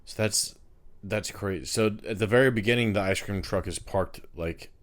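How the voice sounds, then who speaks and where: A man's voice: fairly low pitch, normal speed. A man co-hosting a podcast, talking casually about a film, often repeating his first words as he gets going. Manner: animated, repeats words when starting sentences. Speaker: podcast co-host.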